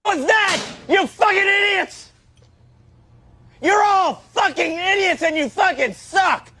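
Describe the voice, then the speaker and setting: An actor playing a foul-mouthed, raging high school football coach who bellows profane insults at his players in a comedy sketch. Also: slow pace, exaggerated voice. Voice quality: gravelly, strained high shout.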